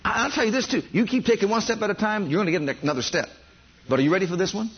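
Male preacher, fairly high husky voice, animated storytelling from the pulpit, slightly dull recording. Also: racing. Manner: animated storytelling, addresses congregation directly. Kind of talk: sermon.

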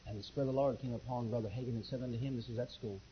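A male pastor preaching a sermon, telling his own testimony with lively storytelling and acting out the dialogue. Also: medium pitch, racing, slight background noise. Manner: animated storytelling, acts out quoted dialogue. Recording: dull lo-fi recording.

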